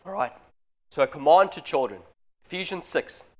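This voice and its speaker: A man's voice: a little high, expressive, moderate pace. A man preaching a sermon in an earnest, direct way, speaking straight to the parents in front of him.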